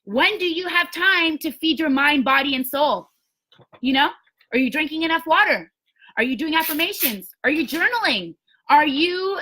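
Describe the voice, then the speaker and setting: A woman's voice: high-pitched, animated, moderate pace, sharp tone. A woman giving an emphatic, blunt motivational talk to a sales team, with some mild swearing. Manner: emphatic, blunt, mildly profane pep talk.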